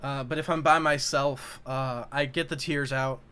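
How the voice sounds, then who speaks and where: A man's voice: medium pitch, steady tone, moderate pace, bright, forceful tone, clear, resonant tone. A young man in casual chat who rambles, searching for words with lots of fillers.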